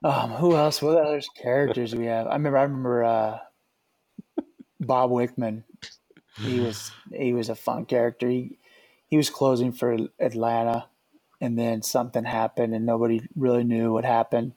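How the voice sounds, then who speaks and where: Man, ex-pitcher, relaxed storyteller, mid-pitched voice, loose casual delivery. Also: normal speed. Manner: laid-back, says "dude" a lot. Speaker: former pitcher sharing stories.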